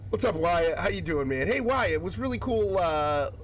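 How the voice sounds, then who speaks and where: A man with a high, animated voice speaks at a moderate pace, with a little hiss or hum in the audio. He jokes and greets viewers by name while gaming on stream in casual chat. He coughs now and then, still shaking off a chest cold.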